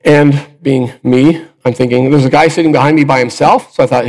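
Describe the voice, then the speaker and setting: A man's voice: mid-range voice, steady tone, a little fast, a little mellow, low-quality recording. An older man preaching a sermon, telling a personal story in a conversational way with fillers and restarts.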